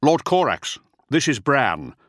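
A man voicing a calm, loyal male officer who speaks earnestly and in measured tones. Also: mid-range voice, no echo, clean studio sound, voice pushed up, heavily acted.

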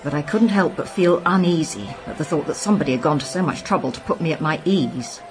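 A woman narrating a story in the first person, crisp and wry. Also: low-pitched, quick pace, music in the background, poor audio. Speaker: audiobook narrator.

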